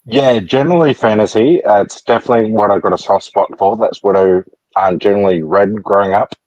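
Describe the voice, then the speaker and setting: A man from Australia, a guest on a video call, talking in an easygoing way with many pauses. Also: fairly low pitch, darkish tone, no room sound, lo-fi sound. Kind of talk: casual chat.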